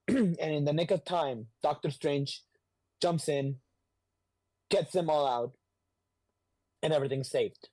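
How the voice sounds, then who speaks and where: Man, podcast co-host, mellow dark tone, somewhat high voice, casual storytelling with swearing and quick character voices. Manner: animated, swears freely, clears throat often. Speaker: podcast co-host retelling a comic. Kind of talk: casual comic recap with voiced quotes.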